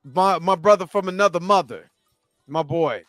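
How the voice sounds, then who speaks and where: A man's voice: sits high, normal speed, a bit bright, no echo, soft background music. A man hosting a casual livestream, reading chat and talking in a laid-back, chatty way. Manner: laid-back, chatty, often laughing and trying voices.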